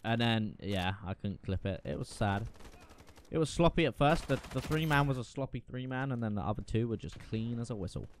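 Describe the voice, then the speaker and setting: A man giving casual, profane, excitable commentary while playing a shooter game. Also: medium pitch, brisk, slight background noise. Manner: profane, excitable, self-mocking. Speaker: gaming video creator.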